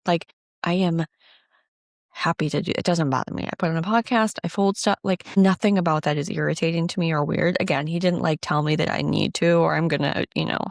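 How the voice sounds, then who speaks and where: A woman's voice: low-pitched, fairly even intonation, fairly quick, creaky, no echo, clean studio sound. A woman co-hosting a podcast in casual chat, talking freely and saying "like" and "dude" a lot. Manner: chatty, conversational, says "like" and "dude" often. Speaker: podcast co-host.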